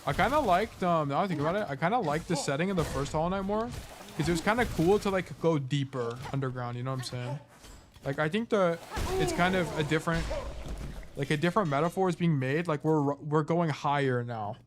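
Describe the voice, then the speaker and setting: A man's voice: fairly high pitch, lively intonation, a little fast, background noise. Man rambling casually while gaming. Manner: rambling, thinking aloud, lots of "like". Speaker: streamer and game coach. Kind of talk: casual livestream talk while playing.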